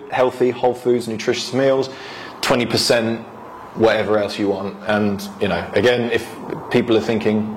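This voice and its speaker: A man co-hosting a casual podcast, giving relaxed health advice and laughing often. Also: mid-range voice, a little hiss or hum. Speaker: podcast co-host, health coach.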